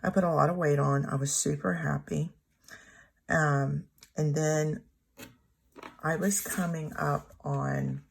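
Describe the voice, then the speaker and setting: Gravelly low-voiced woman telling a story. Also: fairly even intonation. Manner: rambling, halting, self-correcting. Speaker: planner vlogger. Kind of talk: casual storytelling while journaling. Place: home room.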